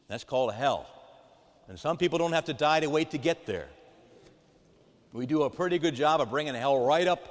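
Emphatic priest in a reverberant church. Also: male voice, a little high. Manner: emphatic, swings between loud and hushed. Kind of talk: sermon.

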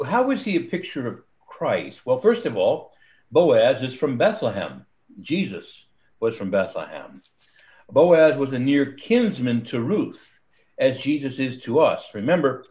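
A man leading a casual Bible study over a video call, rambling with restarts and chuckling at his own jokes. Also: mid-range voice. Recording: slightly dull video call audio.

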